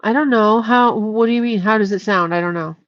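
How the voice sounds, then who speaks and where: A woman's voice: medium pitch, fairly quick, no echo. A woman hosting a casual livestream, reading chat aloud and scolding a viewer in a blunt way, swearing freely. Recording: slightly dull lo-fi audio.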